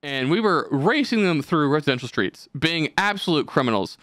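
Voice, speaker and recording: Male podcast host, casual and profane, rambling anecdotes, bright tone, dry close sound. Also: on the high side, very animated, normal speed, dry recording. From California.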